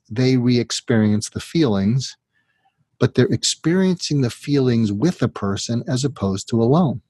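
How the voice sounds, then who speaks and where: A psychiatrist, interviewed as a guest, explains his method step by step, occasionally acting out what a troubled patient might say. His medium-pitched voice has a darkish, slightly rough tone, and the recording is dry.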